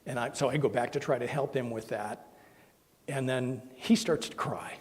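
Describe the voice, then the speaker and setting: A man's voice: medium pitch, normal speed. Guy minister preaching, telling a heartfelt story, lots of hall echo. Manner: earnest, emotional storytelling with soft quoted voices. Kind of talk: sermon storytelling. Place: church sanctuary. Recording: long hall reverb.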